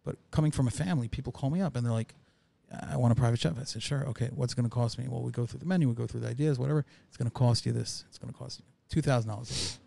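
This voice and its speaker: A man's voice: mid-range voice, rapid-fire, creaky, hardly any pauses, warm tone. A man who works as a private chef, chatting casually on a podcast and repeating key phrases for emphasis.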